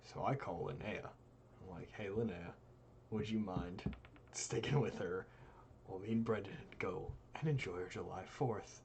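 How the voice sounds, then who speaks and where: Young male co-host, low voice, animated storyteller, faint room noise. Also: measured pace, creaky. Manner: animated, voices quoted friends with big jumps in pitch. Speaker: live stream co-host. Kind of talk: casual storytelling.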